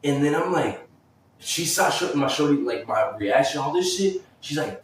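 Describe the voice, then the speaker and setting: A man's voice: fairly high pitch, normal speed, slight background noise. A young man telling a casual, rambling story full of slang and swearing. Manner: slangy, profane, rambling and animated. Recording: roomy echo, mic far off.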